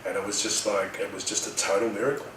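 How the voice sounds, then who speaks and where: A middle-aged Australian man casually telling a personal story in a rambling, animated way, acting out the voices of the people in it. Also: fairly low pitch, quick pace, echoey room, far from the mic, background noise. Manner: rambling, animated retelling with quoted dialogue. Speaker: healer telling his story.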